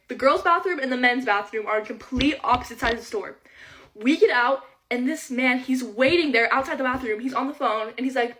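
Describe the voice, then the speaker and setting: A teenage girl rattles through a storytime in a very high, bright-sounding register. She is chatty and animated, slipping into the voices of everyone in the tale. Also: a little fast, slight background noise. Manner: chatty, animated retelling full of quoted dialogue. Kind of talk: casual storytime.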